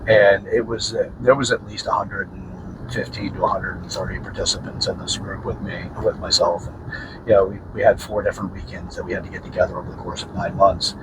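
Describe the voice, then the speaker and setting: A man's voice: low voice, level tone, a little fast, heavy background noise. A man hosting a podcast, telling a story casually, rambling and correcting himself with many fillers. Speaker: podcast host.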